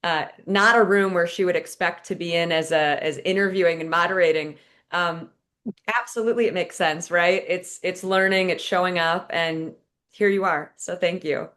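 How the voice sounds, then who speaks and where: Woman, author hosting, lowish voice, enthusiastic, chatty, video call. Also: fairly even intonation, normal speed, a bit bright. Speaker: author and host. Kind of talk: virtual fireside chat.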